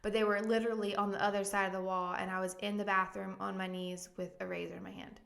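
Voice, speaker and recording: A woman's voice: mid-range voice, level tone, fast, vocal fry, fairly bright tone. A woman pastor giving a candid, emotional personal testimony as a podcast guest, earnest and full of ums and likes. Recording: echoey room.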